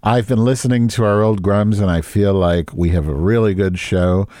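A man co-hosting a comedy podcast, bawdy and expressive. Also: fairly low pitch, moderate pace, no echo, clean studio sound. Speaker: podcast co-host.

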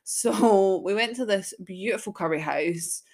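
A woman's voice: medium pitch, measured pace, a little mellow. A woman, chatting casually as a podcast host and telling stories with frequent giggles. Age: 20s.

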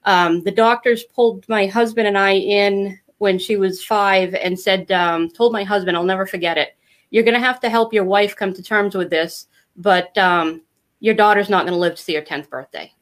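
A woman's voice: medium pitch, normal speed. Middle-aged woman, interview guest. Candid, rambling storyteller who acts out quotes. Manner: candid, rambling, animated when quoting others. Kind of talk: casual storytelling.

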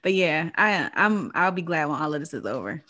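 A woman co-hosting a podcast in loose, casual conversation. She laughs often and gets lively and animated when she acts out her own thoughts, then settles into easy advice for listeners. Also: deep voice, fairly quick. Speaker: podcast co-host. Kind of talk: casual chat.

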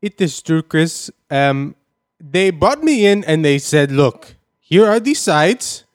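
A man's voice: on the high side, sing-song, slow pace, dry recording, studio quality. A man voicing an overemotional foreign actor who is melodramatic and tearful. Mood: earnest. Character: overemotional foreign male actor with a vague accent. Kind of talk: improvised comedy podcast bit.

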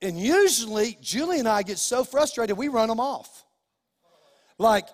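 High-voiced, emphatic middle-aged pastor. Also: male voice, lively intonation, moderate pace. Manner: emphatic, repetitive preaching, folksy asides. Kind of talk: sermon. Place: church sanctuary. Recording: long church hall reverb.

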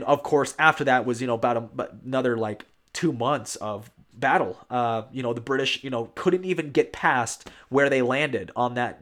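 A man telling a history story in casual talk, earnestly repeating words for emphasis and often adding "you know". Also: mid-range voice.

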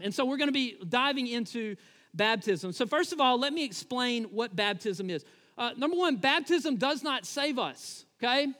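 A male pastor with a very high voice preaches in an easy, conversational way, dropping many "uh" fillers. His sermon rings out through a large church sanctuary with long reverb. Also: bright, forceful tone.

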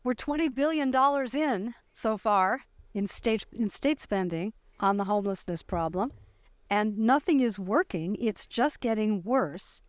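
A woman's voice: mid-range voice, measured pace, no echo. Woman guest on a talk show, dry wry explainer, close dead sound. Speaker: guest commentator. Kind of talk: interview answers.

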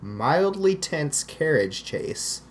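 A podcast co-host in casual movie-review chat, animated and quick to laugh, with dry asides. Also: mid-range voice, slight background noise.

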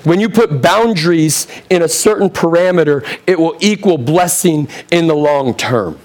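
A man in his thirties delivers a sermon with a slightly high voice, talking plainly and putting questions to the congregation. His voice is starting to go a little hoarse. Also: normal speed, a little mellow. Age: 30s. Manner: direct, conversational preaching with rhetorical questions. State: getting hoarse. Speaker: pastor.

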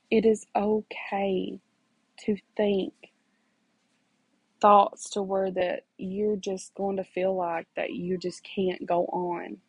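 In a preachy personal testimony meant to encourage faith, a mother speaks straight to her listeners, earnestly recounting her story and repeating phrases for emphasis. Her voice is medium-pitched and slightly rough, with a muffled recording and no echo.

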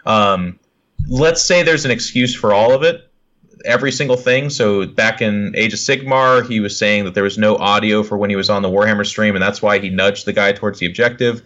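A man's voice: fairly low pitch, fairly quick, a bit bright, lo-fi sound. A man talking as a podcast guest, blunt and profane, acting out what other people say. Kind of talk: casual podcast chat.

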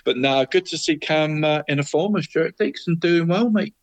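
A man's voice: on the high side, moderate pace, rough recording. A man co-hosting a casual football chat, tagging "mate" onto almost every phrase. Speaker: podcast co-host.

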